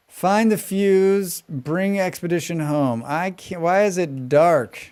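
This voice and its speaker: A young man talks to his viewers while streaming a game live, his voice sitting a little higher than most men's. He rambles in a casual way, curses freely, and slides easily into animated rants about whatever comes up in chat. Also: takes it slowly, smooth.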